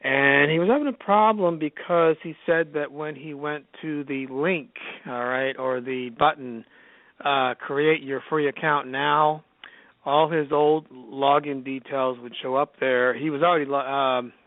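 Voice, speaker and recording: A man's voice: a little high, steady tone, a little slow, no echo. A man calling in with a question, speaking hesitantly with many fillers and self-corrections, heard over a tinny, dry phone line. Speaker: caller.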